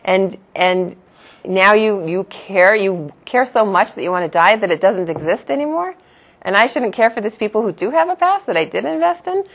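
A woman's voice: medium pitch, animated, normal speed, highs cut off. A woman voicing God, reasoning with a sulking prophet through incredulous rhetorical questions.

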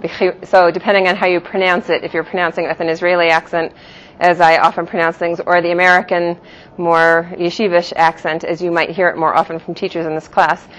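A woman's voice: fairly low pitch, flat delivery, fairly quick, fairly bright tone. A woman teaching a Jewish philosophy class, explaining terms patiently and giving each in two pronunciations. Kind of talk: classroom lecture. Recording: dull lo-fi classroom recording.

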